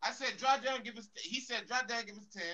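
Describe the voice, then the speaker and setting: Man, high lively voice, teasing, mutters under his breath, crowd noise behind. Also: brisk. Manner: teasing, counts along, drops to a low mutter. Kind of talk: crude live audio-room banter.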